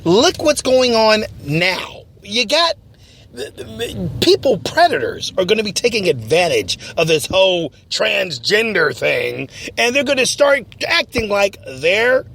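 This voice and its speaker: A man hosting a mock talk-radio show, ranting and often shouting in a mocking tone. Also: high-pitched, sing-song, measured pace, gravelly.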